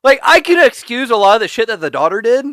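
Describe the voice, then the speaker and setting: Animated ranting, swearing podcast co-host man. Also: extremely high pitch, fast, no echo. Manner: ranting, heavily profane, laughing often. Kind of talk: casual podcast chat.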